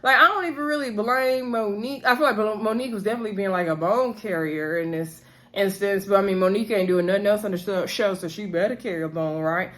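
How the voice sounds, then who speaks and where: A woman hosting a casual reality TV recap, chatty and sassy, acting out the cast members' lines in quick voices. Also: mid-range voice. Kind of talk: casual chat.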